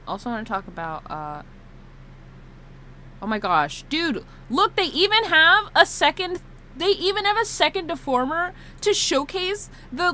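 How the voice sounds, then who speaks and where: A woman streamer chatting casually during a live stream, animated and laughing often, with mock sobbing and some swearing. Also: sits high.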